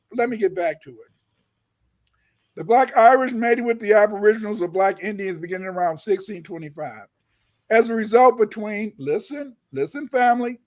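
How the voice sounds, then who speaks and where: Very high-voiced man lecturing emphatically. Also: darkish tone. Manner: booming emphatic bursts on key words, repeats himself; stutters and restarts. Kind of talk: emphatic lecture, reading old newspaper notices aloud.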